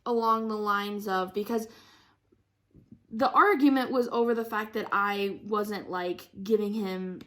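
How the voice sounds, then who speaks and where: A young woman chatting casually about her week while crafting, rambling with lots of fillers and frequent laughs. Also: mid-range voice. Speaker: craft vlogger.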